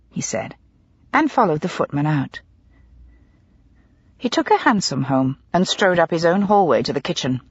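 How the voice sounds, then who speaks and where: A woman narrating a mystery audiobook in a dramatic, expressive storytelling manner. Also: on the low side, moderate pace, slightly rough, no room sound, dull audio. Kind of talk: scripted narration.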